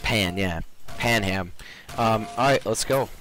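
A man's voice: fairly low pitch, slow, crowd noise, poor audio. A young man from Boston with a Boston accent, chatting casually and teasing while he plays and records a game. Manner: joking, teasing banter. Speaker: gamer recording his channel. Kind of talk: casual gameplay chat.

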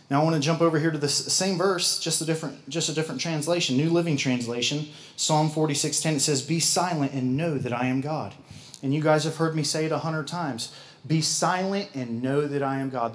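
Preaching a sermon, this Midwestern American pastor speaks in a mid-range voice. He's folksy and quick to poke fun at himself.

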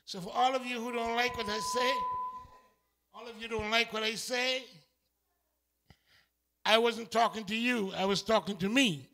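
A man from St preaching a sermon in a church, shifting from quiet talk to impassioned shouting. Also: very high-pitched, fairly even intonation, normal speed, long pauses.

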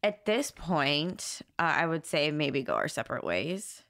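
A woman's voice: sits low, sing-song, measured pace, fairly bright tone, no echo, studio quality. A young woman guest talking candidly, frank and exasperated, swearing freely. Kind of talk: candid personal conversation.

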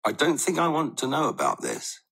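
A man's voice: medium pitch, huge pitch swings, fairly quick, vocal fry, fairly bright tone, slightly rough, voice pushed up, exaggerated voice. A man voicing a mother in a storybook, exasperated and theatrical. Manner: exclaiming, theatrical.

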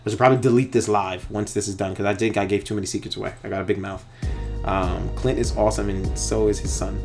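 A filmmaker chatting casually on a livestream, rambling and joking and reading viewer comments aloud, with many pauses and fillers. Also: male voice, lowish voice, steady tone, gravelly, music in the background. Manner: rambling, joking, teasing, lots of ums.

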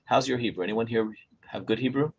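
A man in his sixties, a Torah scribe, telling a story to a small group in an animated way, acting out dialogue and often chuckling as he talks. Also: medium pitch, fast, creaky, breathy edge. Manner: chuckles often while talking. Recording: dull lo-fi recording.

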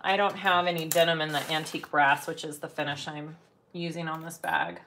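A woman's voice: sits low, steady tone, brisk, background noise. A middle-aged woman leading a live sewing tutorial. She explains steps as she works, chats casually and hums filler sounds while she sews. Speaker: sewing instructor and shop owner.

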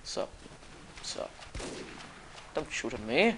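An excitable young man talks over his gameplay in a slow, unhurried drawl. He mutters to himself, then bursts into sudden yelps and shouts. A faint hiss of noise sits behind him. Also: a little high. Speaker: gamer commentating his play. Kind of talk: casual gameplay commentary.

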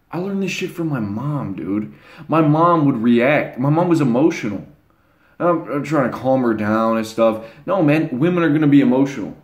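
Speaking in a mid-range, darkish voice, a young man rambles casually to his channel's viewers from an echoey room. His monologue to camera is blunt and laced with crude slang.

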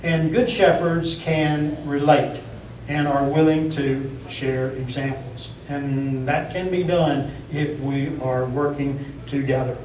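A man's voice: fairly high pitch, steady tone, slow, a little mellow, slight background noise. A man preaching a sermon in a church, plainspoken, often repeating and restarting phrases. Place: church auditorium. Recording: echoey room from far off.

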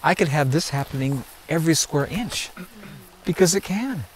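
A man's voice: a little high, expressive, normal speed, slight background noise, poor audio. Emphatic man leading an outdoor garden tour. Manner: emphatic and preachy, repeats phrases, asks "are you hearing me?". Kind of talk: outdoor teaching talk to a group.

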